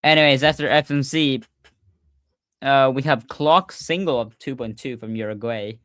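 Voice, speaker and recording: A young man hosting a casual livestream recap, talking excitedly, often stumbling and repeating himself. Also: medium pitch, normal speed, no echo, studio quality. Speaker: podcast host.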